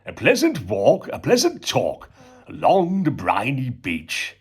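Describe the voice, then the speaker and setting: A man voicing a smooth-talking, sentimental old walrus, coaxing and theatrical, pitched above his own voice. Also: wildly swooping pitch, takes it slowly, exaggerated voice. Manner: coaxing and theatrical, lifting to a higher voice.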